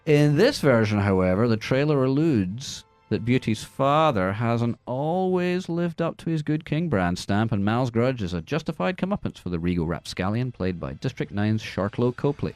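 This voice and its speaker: A man hosting a radio movie show, reading the news with sarcastic, deadpan jokes. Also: medium pitch, normal speed, few pauses, dry recording, faint music behind. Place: radio studio.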